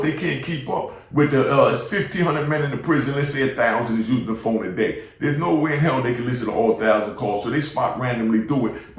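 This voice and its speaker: A middle-aged man with a New York accent telling casual stories about prison life in street slang, often checking in with "you know what I mean?". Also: mid-range voice. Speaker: former inmate storyteller. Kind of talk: casual storytelling monologue. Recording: echoey room, mic at a distance.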